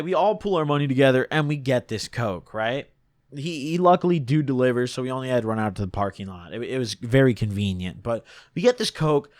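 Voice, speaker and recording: Young man, casual storytime, slangy, animated, very lively pitch, dry sound. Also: dry recording. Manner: slangy, animated, laughs often. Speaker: streamer and storyteller.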